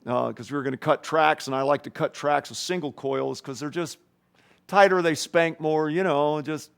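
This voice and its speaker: Guitarist guy rambling thru studio stories, kinda raspy, voice sits a bit high. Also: fairly even intonation, moderate pace. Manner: rambling storyteller, acts out voices and guitar sounds. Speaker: guest guitarist. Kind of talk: casual anecdotal interview.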